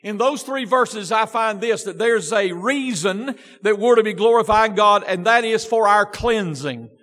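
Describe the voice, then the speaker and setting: A man's voice: high voice, a little slow, a bit bright. A man preaching a sermon as pastor, reading scripture with strong emphasis and asking rhetorical questions in a church sanctuary. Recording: long church-hall reverb.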